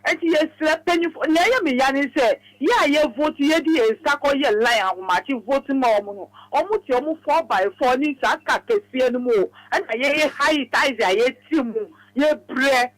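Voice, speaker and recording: A woman with a Ghanaian accent calling in to a radio show, rambling quickly in a mix of Twi and English. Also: sits high, dry recording, rough recording. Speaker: radio caller. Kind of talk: phone-in talk.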